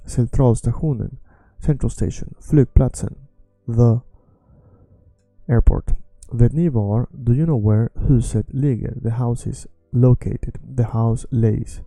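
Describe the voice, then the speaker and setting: A man with a Swedish accent, a native Swedish speaker, giving a language lesson and patiently repeating words slowly to drill pronunciation. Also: medium pitch, creaky, dark tone, no echo, soft background music.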